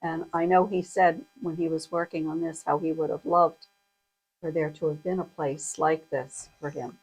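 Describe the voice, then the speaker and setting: Woman recalling gently in conversation. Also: low-pitched, flat delivery, moderate pace, soft background music, rough recording. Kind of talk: casual conversation.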